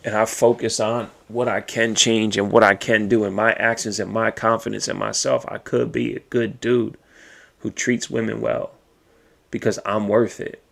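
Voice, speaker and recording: A man's voice: on the low side, level tone, normal speed, creaky, fairly bright tone. A man hosting a podcast, speaking alone in a raw, emotional and profane way as he thinks aloud. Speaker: podcast host. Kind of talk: personal monologue.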